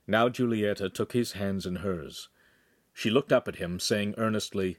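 Low-voiced man reading a novel aloud. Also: unhurried, no room sound, studio quality. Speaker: audiobook reader. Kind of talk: scripted narration.

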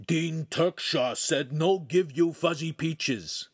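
A man voicing a lazy male canine AI, a floating dog head that talks in broken phrases with a rolling growl and sharp barks. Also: a little high, takes it slowly, husky, no room sound, studio quality, voice pushed up. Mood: barking.

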